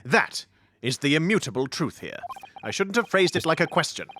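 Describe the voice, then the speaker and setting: A man's voice: fairly high pitch, very animated, moderate pace, pushed and bright, slight background noise. A man reading aloud as a pompous, eccentric male professor who talks in grand, over-formal phrases. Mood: indignant. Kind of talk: reading game dialogue aloud.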